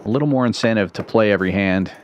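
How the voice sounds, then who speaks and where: A man giving live poker play-by-play commentary in a brisk, playful way with puns, in a casino card room. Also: on the low side, a crowd in the background.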